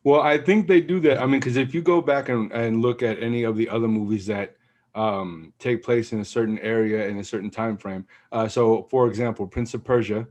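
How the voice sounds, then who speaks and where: A man hosting a casual podcast in a relaxed, easygoing way, leading the segments. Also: mid-range voice, a little fast. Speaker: podcast host. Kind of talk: casual sneaker podcast chat.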